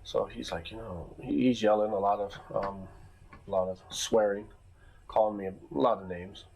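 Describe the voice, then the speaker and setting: A man's voice: lowish voice, fairly even intonation, moderate pace, vocal fry, a little mellow, slight background noise, rough recording. A man who runs security at a nightclub, telling a long casual story with lots of fillers and restarts. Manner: rambling, many fillers and restarts.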